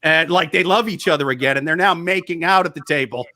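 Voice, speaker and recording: A man's voice: fairly high pitch, fast talker, bright, forceful tone. A man on a comedy podcast, joking and building absurd little scenes. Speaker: comedian guest. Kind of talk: casual podcast chat.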